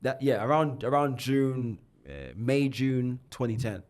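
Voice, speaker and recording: On a podcast, a London-born man in his twenties tells his life story a little slowly in a mid-range voice. He sounds animated and uses lots of slang, repeatedly restarting and doubling up on words.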